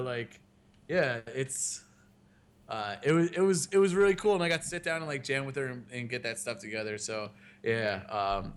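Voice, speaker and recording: A man's voice: mid-range voice, clear, resonant tone. A man in his thirties hosting a podcast, telling rambling stories with a lot of swearing. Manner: rambling storyteller, swears freely. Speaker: podcast host. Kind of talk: casual chat.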